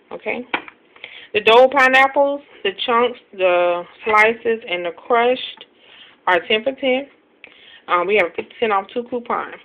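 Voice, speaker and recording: A woman in a casual home haul video, talking quickly and chattily about her shopping with many ums and self-deprecating asides. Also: mid-range voice. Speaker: couponing vlogger showing a grocery haul. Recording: tinny phone-like sound, faint hiss.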